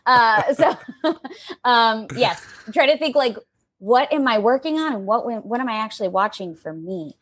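A young adult woman, a voice actor, chatting in an interview and telling stories in an expressive, animated way with lively quoted asides. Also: fairly high pitch, measured pace. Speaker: voice actor guest. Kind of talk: casual interview chat.

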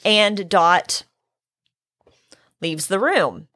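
A middle-aged woman, hoarse from illness, telling a story in casual chat, acting out her own quotes and swearing. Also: mid-range voice, lively intonation, drawn-out words, bright, forceful tone, no echo, clean studio sound.

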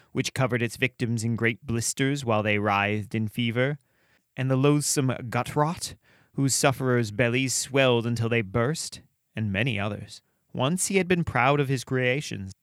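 A man hosting a podcast, reading dark fantasy stories aloud with a measured, expressive delivery and chatting casually between them. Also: medium pitch, clear, resonant tone, no room sound, clean studio sound. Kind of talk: storytelling narration and casual commentary.

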